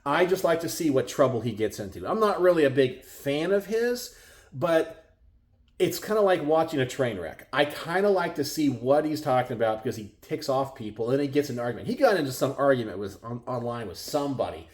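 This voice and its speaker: Speaking from his garage, a middle-aged gun channel host with a Texan accent addresses his viewers in a brisk, animated, slightly mellow voice. He sounds exasperated, leans on rhetorical questions, and imitates other people in high voices.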